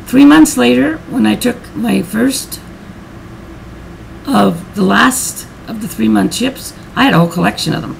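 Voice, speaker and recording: A woman's voice: on the high side, expressive, unhurried, vocal fry, a little hiss or hum, rough recording. A middle-aged woman vlogger telling a personal story in a heartfelt, rambling way, repeating her words and getting emotional.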